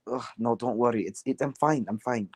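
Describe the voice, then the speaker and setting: A man's voice: medium pitch, brisk, a little mellow, no room sound, clean studio sound, close to an everyday voice. Storybook steam engine, young male, flustered and stammering; a man plays him in a plain voice. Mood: bewildered.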